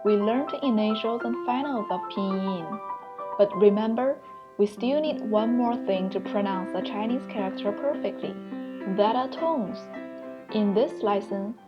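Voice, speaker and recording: A woman's voice: mid-range voice, muffled recording. A young woman teaching an online language lesson, patiently explaining points step by step and sounding out examples aloud.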